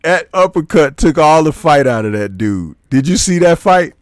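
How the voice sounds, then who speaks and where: A man's voice: on the high side, lively intonation, moderate pace, no room sound, studio quality. A man hosting a boxing show, giving casual post-fight commentary and reading out live chat, rambling and chuckling at his own jokes.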